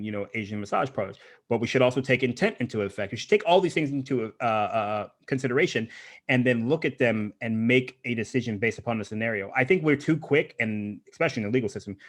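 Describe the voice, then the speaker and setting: Fast-talking emphatic man. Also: mid-range voice, a bit bright. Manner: fast, emphatic, talks in run-on strings of points. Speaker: podcast guest. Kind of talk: casual interview conversation.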